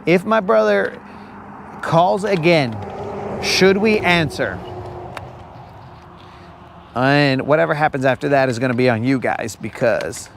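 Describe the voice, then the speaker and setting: A man's voice: a little high, animated, unhurried, vocal fry, pauses often, slight background noise. A man hosting a live fishing stream outdoors on a lake, joking with viewers in casual chat and calling them bro.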